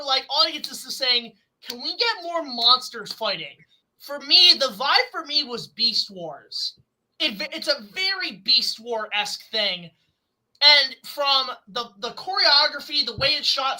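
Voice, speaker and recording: High, very bright woman, excitable film reviewer, casual. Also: low-quality recording. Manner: excitable, enthusiastic, swears casually.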